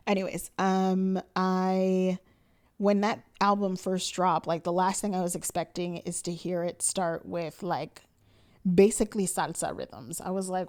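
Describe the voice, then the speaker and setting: Young woman, casual vlog chat, sleepy and yawning, excitable, slang-heavy. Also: on the low side, unhurried. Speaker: planner vlogger.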